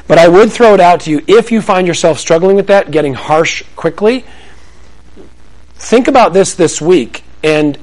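A Christian parenting speaker, a middle-aged man, entertains a roomful of listeners with lively stories, voicing family members' lines and joking at his own expense. His pitch is high and varies widely, and the recording is low quality.

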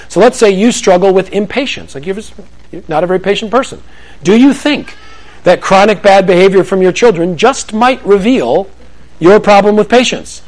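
A high-voiced man preaching on parenting to a live crowd. He speaks in a conversational, animated way, often slipping into little acted-out scenes. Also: moderate pace. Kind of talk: sermon-style teaching to a live audience.

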